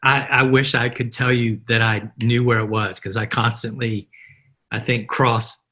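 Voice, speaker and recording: A man's voice: medium pitch, a little slow. A middle-aged man, a marketer, is a podcast interview guest who tells stories and acts out the dialogue in them. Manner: animated anecdotes, acting out quoted dialogue.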